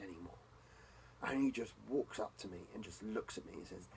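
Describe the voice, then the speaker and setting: A man speaks a spoken role-play journal in character as a vampire, with a lowish voice. He swears freely and keeps sinking into tense, hushed whispers. A faint hum of ambience sits under his voice. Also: brisk, rough recording. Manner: intense, profane, drops to hushed whispers. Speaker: tabletop role-player.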